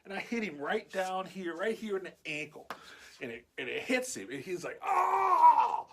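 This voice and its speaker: A man casually telling a story in his vlog, animated and swearing freely. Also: high voice, normal speed, a little hiss or hum.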